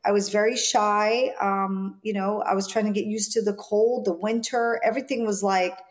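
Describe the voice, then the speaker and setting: Lively Jamaican-born woman telling stories. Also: mid-range voice, moderate pace. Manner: lively storyteller, acts out quoted voices. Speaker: stylist guest. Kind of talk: interview storytelling.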